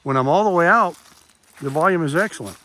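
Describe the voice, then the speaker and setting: A man's voice: a little high, lively intonation, quick pace, pushed and bright. An older man vlogging casually while hiking a wooded trail, chatting to viewers through his camera's built-in mic. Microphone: camera mic, no external microphone.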